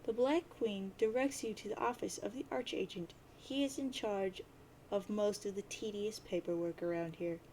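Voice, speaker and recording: A woman reads a webcomic aloud in a relaxed, chatty way, dropping offhand asides as she goes. Her voice is mellow and sits at a middle pitch. A faint hiss runs behind the recording. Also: moderate pace, low-quality recording. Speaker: webcomic reader, channel host. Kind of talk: casual read-aloud narration.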